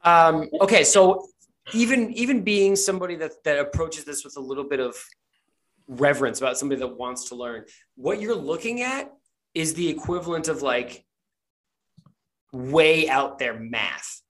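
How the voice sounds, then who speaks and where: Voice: mid-range voice, animated, normal speed. Rambling, filler-heavy game master. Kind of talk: narrating a tabletop game.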